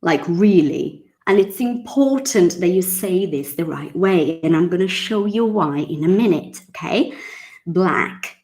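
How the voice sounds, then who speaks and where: A woman gives a casual English lesson in a somewhat low voice. She talks slowly and chats as she goes. She repeats single words several times so learners can copy them. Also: animated, darkish tone. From Brazil. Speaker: English teacher.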